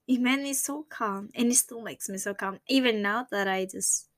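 Speaking at normal speed with a Greek accent, a woman in her twenties from Greece shares a personal story as a vlogger. Her voice is high and sharp, and she rambles casually while hunting for English words, in a dry, close recording without echo.

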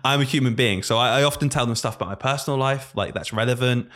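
A primary school teacher in his late twenties talks fast at a medium pitch during a casual podcast chat. He's an animated storyteller who acts out his pupils' voices.

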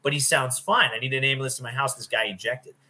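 A man's voice: medium pitch, fast talker. A man who used to be a dispatcher, talking in casual chat and telling stories eagerly, jumping into the conversation. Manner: lively storytelling, jumps in eagerly. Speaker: former dispatcher co-host.

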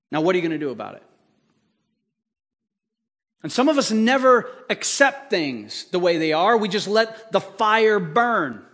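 A male pastor with a voice that sits high preaches an animated, conversational sermon, often tossing rhetorical questions to the congregation.

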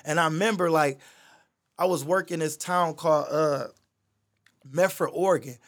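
A young adult man, a podcast guest, telling a personal story in casual chat, animated and full of fillers. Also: a little high, normal speed. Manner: animated, lots of "you know what I mean" fillers.

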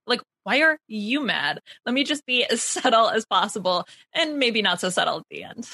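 A woman's voice: fairly high pitch, sing-song, moderate pace, bright, forceful tone, no room sound. A woman co-hosting a casual recap show, chatty, laughing often and saying "like" a lot. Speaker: podcast co-host.

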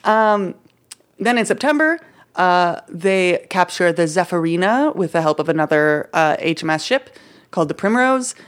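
A woman's voice: lowish voice, lively intonation, moderate pace. A woman co-hosting a casual history podcast, telling a story in a chatty way with lots of "like" and "uh" and playful slang. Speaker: podcast co-host presenting history research.

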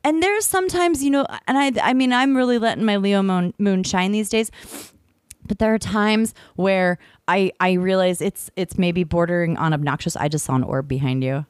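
A young woman on a podcast telling a personal story in a sassy, animated way, with her voice jumping from low to high. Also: moderate pace, no echo, studio quality. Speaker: podcast co-host. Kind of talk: casual chat, storytelling.

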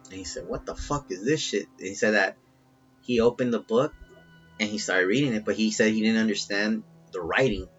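Casting: husky, lowish male storyteller, swears a lot, rambles, dull lo-fi sound with faint music behind. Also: brisk. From Salvadoran family. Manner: profane, rambling, animated when telling the story. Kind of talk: casual storytelling.

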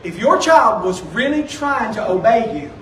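Male pastor, very high voice, chatty sermon delivery, recorded from a distance in an echoey church. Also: sing-song, normal speed, slight background noise. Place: church sanctuary. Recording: echoey room, distant from the mic.

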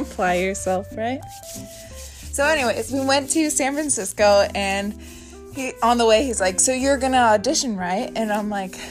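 A woman in her thirties hosting a casual podcast from her bedroom, talking in a chatty, candid way and swearing freely. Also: mid-range voice. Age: 30s. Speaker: podcast host. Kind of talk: casual chat.

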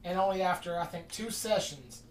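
A podcast host telling a long story in casual chat, rambling and animated, acting out the quoted dialogue. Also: mid-range voice, moderate pace, a little hiss or hum. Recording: distant mic in an echoey room.

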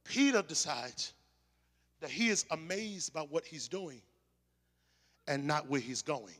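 A man preaching a sermon to a church congregation, rising into shouted calls and leading call-and-response. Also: on the high side, lively intonation, slow pace, in a large hall.

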